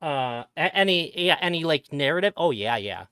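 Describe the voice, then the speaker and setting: A man's voice: on the high side, lively intonation, moderate pace, bright, forceful tone, clear, resonant tone, dry recording, studio quality. A man guest on a livestream, talking earnestly and at length, reasoning things through with frequent fillers. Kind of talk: casual discussion.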